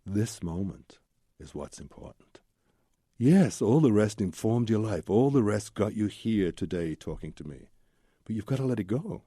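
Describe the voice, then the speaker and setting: A man with a low, very dark and mellow voice tells his life story as an interview guest. His tone is husky and breathy, recorded close and dry. He talks candidly and rambles through long tumbling lists. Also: sing-song, moderate pace, no room sound. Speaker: guest, Zen Buddhist teacher.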